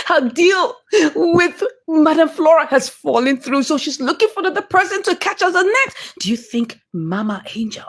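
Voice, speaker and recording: A young woman hosting a movie review, chatty and laughing as she recaps a drama and quizzes her audience. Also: sits high. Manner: chatty, laughs often, asks the audience questions. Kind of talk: animated plot recap.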